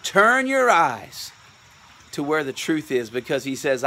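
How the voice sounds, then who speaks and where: A man, a shepherd, giving an earnest devotional sermon from a porch outdoors in the rain, at times dropping low and soft for emphasis. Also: very animated, unhurried.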